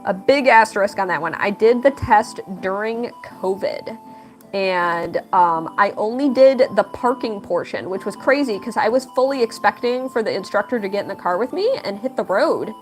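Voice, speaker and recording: A young woman hosting a casual livestream, reading chat aloud, laughing often and telling stories with lively quoted voices. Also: moderate pace, soft background music. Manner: animated storytelling with big pitch jumps in quotes. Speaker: livestream host and artist.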